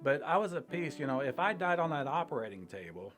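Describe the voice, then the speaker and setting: An older man sharing his personal faith testimony in a halting, reflective way, with pauses and short laughs between thoughts. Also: fairly high pitch, sing-song, over music. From Illinois, US. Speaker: church member sharing testimony.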